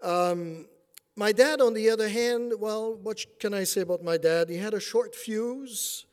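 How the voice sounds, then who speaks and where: A middle-aged male preacher with a Quebec French accent and a fairly high voice. He preaches in a loose, joking way, full of "uh"s, and drops his voice low and soft for the heavy moments. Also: measured pace, clean tone. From Quebec City, Canada. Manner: self-deprecating jokes, many fillers, drops to quiet for serious points. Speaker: preacher and theology teacher. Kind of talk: sermon with personal story.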